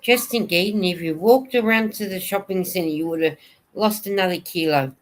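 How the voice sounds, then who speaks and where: A woman's voice: fairly low pitch, normal speed. A woman hosting a casual livestream, chatting and answering viewer comments. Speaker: knitting vlogger hosting a livestream.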